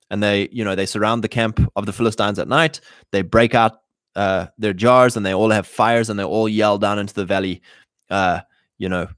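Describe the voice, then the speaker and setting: A man's voice: on the low side, moderate pace, dry recording, clean studio sound. A man hosting a casual, preaching talk to other men, blunt and exhorting, retelling old stories in everyday slang. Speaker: podcast host addressing men.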